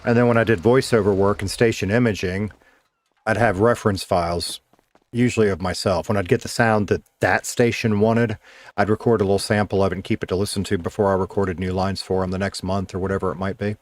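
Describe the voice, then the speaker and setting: A man's voice: on the low side, fairly even intonation, fairly quick. A middle-aged man, a former radio DJ, casually chatting with viewers while streaming a game, laid-back and swearing now and then.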